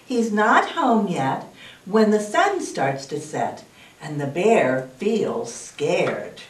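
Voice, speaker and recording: A woman librarian reads a picture book aloud at a slow, unhurried pace. Her voice rises and falls lively, inviting the children to say the phrase with her. She sounds distant in a roomy, echoey space. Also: lowish voice. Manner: lively, expressive read-aloud, inviting kids to join in.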